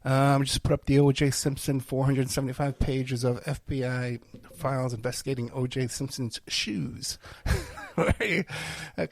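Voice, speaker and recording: A man hosts his own podcast and rambles through plugs and stories. He is full of fillers and self-deprecating asides. His voice is gravelly and close in a dry, dead-sounding recording, and he sounds tired and under the weather. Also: medium pitch, dry recording. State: tired, feeling unwell. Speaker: podcast host and private investigator. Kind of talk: rambling solo podcast talk.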